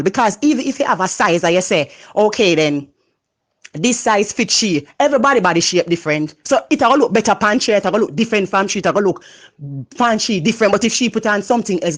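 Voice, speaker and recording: A Jamaican woman giving a passionate motivational talk, loud and expressive, mixing patois into her English. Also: mid-range voice. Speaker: motivational speaker. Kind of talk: motivational monologue.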